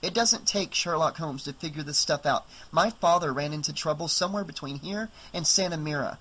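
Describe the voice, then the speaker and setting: A woman's voice: sits low, a little fast, a bit bright, breathy edge, low-quality recording. A man reading an audiobook, voicing a determined, defensive young woman who talks in clipped, insistent bursts.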